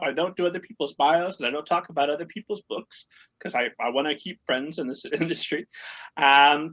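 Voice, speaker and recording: A man's voice: on the high side, a bit bright, lo-fi sound. A man hosting a podcast interview, joking around and talking up his guest in a playful way. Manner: playful, jokey, hyping the guest. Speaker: podcast host. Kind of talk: casual interview chat.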